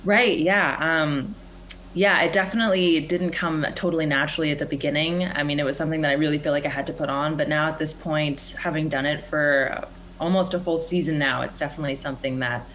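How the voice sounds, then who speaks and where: A young woman with a low voice answers interview questions. She speaks earnestly and thoughtfully and laughs easily. A faint hum runs under the recording. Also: fairly even intonation, fairly quick, fairly bright tone, low-quality recording. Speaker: actress guest. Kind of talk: interview conversation.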